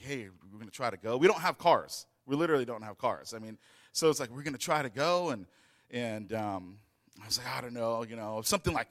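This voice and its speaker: A man's voice: medium pitch, fairly bright tone. Rambling man telling a story. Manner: rambling, with many fillers and restarts. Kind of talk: casual storytelling.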